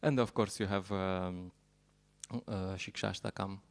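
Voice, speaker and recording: A man giving a sermon at a temple program, telling stories in a halting way and laughing at his own jokes. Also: sits low, steady tone, creaky.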